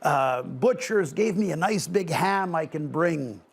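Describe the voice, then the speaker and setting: Easygoing young male woodsman, plain and matter-of-fact, lively pitch, voiced by a male storyteller. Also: measured pace, vocal fry, breathy edge, full character voice.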